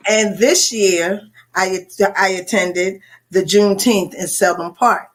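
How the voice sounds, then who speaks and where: A woman's voice: medium pitch, steady tone, slow. Woman asking short interview questions.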